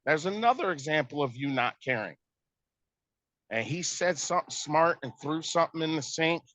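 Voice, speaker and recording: Man, exasperated, casual storytelling, quotes the argument, higher voice, dry sound. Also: animated, normal speed, fairly bright tone, dry recording. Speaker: stepparent telling a family conflict. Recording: dull lo-fi dry recording.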